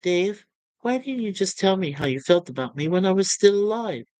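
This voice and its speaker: A cool young woman officer, as a man puts her on, brisk and offhand as she turns someone down. The voice moves a lot in pitch and sounds close and dry. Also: animated, a little mellow, dry recording. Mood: dismissive.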